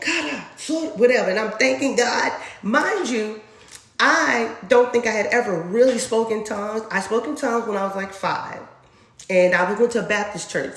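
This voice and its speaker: A woman from Dallas, telling a personal faith testimony in a lively way, acting out sounds and laughing often. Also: medium pitch. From Dallas, Texas. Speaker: storyteller sharing a faith testimony. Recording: roomy echo.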